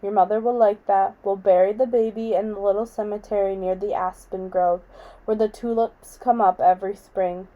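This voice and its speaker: A woman reading the lines of a shaken young father in an audiobook, speaking quietly and gently. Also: mid-range voice, fairly even intonation, normal speed, phone-quality sound, close to an everyday voice. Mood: gentle.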